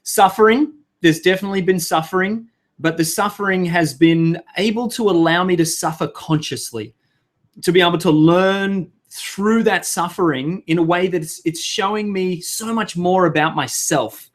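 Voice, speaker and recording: A man's voice: high voice, moderate pace. A man hosting a live webinar, chatty and flustered, swearing and laughing at himself over tech trouble. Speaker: webinar host. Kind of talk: casual live webinar talk.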